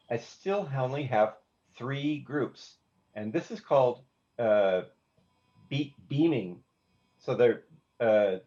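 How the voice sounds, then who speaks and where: In a lo-fi, slightly dull class recording, a man with a mid-range, slightly mellow voice explains note values to his songwriting students. He stumbles and restarts words often, demonstrating rhythms live by singing them on "da," while instruments play faintly in the background.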